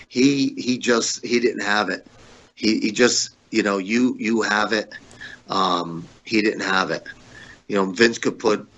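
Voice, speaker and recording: A man's voice: sits low, a bit bright, highs cut off. A man, a former wrestler, telling stories as an interview guest in a rambling, casual way, repeating words and saying "you know" often. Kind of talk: casual storytelling.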